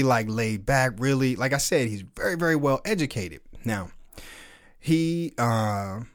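Brief: middle-aged male podcast host, lively, profane storyteller, laughs a lot. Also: medium pitch. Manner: animated, profane storyteller who laughs often. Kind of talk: casual podcast chat with live chat.

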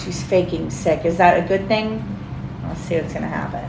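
A mother reading a storybook aloud to her children at home, pausing to ask them questions. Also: on the low side, gravelly, echoey room, noisy background. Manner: pauses to quiz the children.

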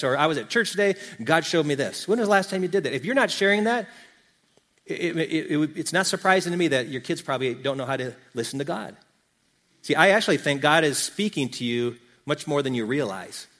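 A man preaching to his congregation in a slightly higher voice. He speaks earnestly, pausing for effect and circling back on key phrases as he lays out his sermon. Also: a bit bright. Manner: earnest, with dramatic pauses and repeated phrases. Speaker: pastor. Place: church gathering.

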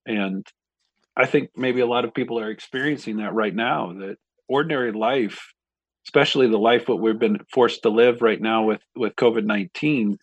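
A man, a pastor, talking through a Bible passage in a reflective, measured way with frequent pauses. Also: medium pitch, breathy edge, no room sound, dull audio. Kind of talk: conversational Bible discussion.

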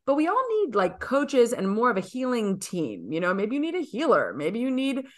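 A woman's voice: fairly high pitch, very animated, moderate pace. A woman co-hosting a podcast as a coach, talking in a chatty, emphatic way with lots of fillers. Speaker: podcast co-host and women's coach. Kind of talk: casual podcast chat.

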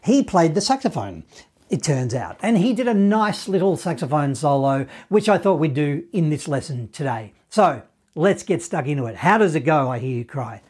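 A man teaching a saxophone lesson, walking through the notes in a relaxed, encouraging way and scatting the phrases. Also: on the high side, normal speed, slightly rough. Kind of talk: online music lesson.

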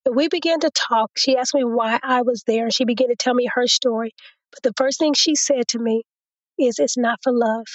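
A woman's voice: a little high, moderate pace, dry recording, muffled recording. A woman guest in an interview, telling a personal testimony and acting out what others said to her. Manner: storytelling, quotes others in a lively retelling.

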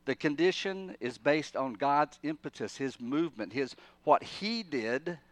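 A man preaching a sermon in a church, emphatic, repeating and restarting phrases, swinging between urgent loudness and quiet. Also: fairly high pitch, lively intonation, a little slow, no room sound.

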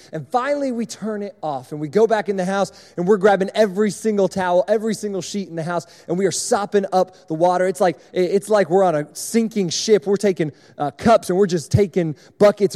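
A young man preaching, telling a personal story in an animated, self-mocking way to a congregation. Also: sits high, big-room sound. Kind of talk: sermon storytelling.

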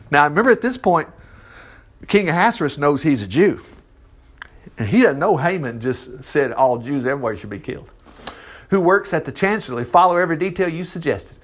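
A man preaching a sermon, reading scripture aloud and retelling it with animated asides. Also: a little high, brisk. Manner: animated storytelling with asides and laughter. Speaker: pastor.

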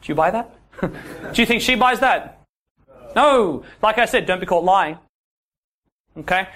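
A man's voice: high voice, expressive, a little slow, pauses often, a bit bright. A man teaching a dating workshop, talking straight to the room and often checking in with "yeah?". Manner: direct, asks the room questions, ends points with "yeah?". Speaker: dating coach. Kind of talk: workshop talk to a class.

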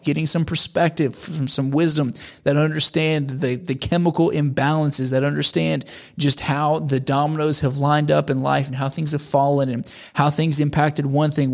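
A man's voice: on the high side, gravelly. A man in his thirties preaching in a conversational, earnest way, often repeating phrases for emphasis. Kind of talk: sermon.

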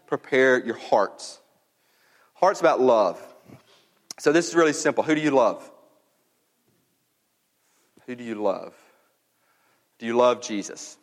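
A man pastor giving a sermon in a conversational, storytelling way with many fillers and restarts. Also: medium pitch. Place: church sanctuary. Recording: reverberant church hall.

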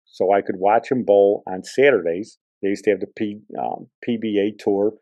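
Male podcast host, casual storyteller; low, dark timbre, dry and dull recording. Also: fairly even intonation, moderate pace, no echo. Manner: rambling, conversational.

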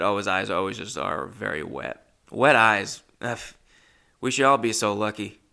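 Gravelly, bright-voiced young man podcasting. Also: fairly low pitch. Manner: rambling, self-deprecating, jumps between loud and muttered asides. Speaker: podcast host. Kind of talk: casual storytelling monologue.

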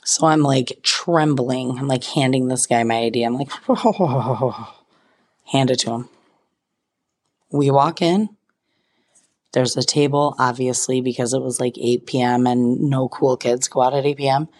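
In an unhurried, steady bass voice with a darkish tone, a young female podcast host recounts something funny that happened to her. She keeps it casual, sprinkling in self-mocking, dramatic asides.

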